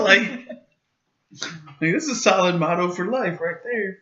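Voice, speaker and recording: A young man co-hosting a podcast, telling stories with laughter and loud quoted voices. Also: high voice, measured pace, long pauses. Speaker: podcast co-host. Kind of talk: casual chat. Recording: roomy, dull lo-fi home recording.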